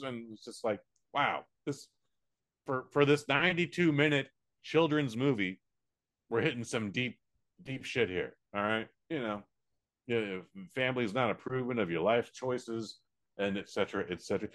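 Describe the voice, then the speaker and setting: An American man co-hosting a podcast, reviewing a movie in casual, profane chat with quick silly voices. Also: mid-range voice, expressive, a bit bright. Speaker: podcast co-host.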